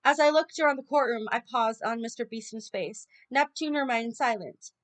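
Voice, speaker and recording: A woman's voice: on the high side, moderate pace. A woman casually reading a children's novel aloud, stumbling and correcting herself often. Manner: informal reading with frequent stumbles. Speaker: audiobook reader.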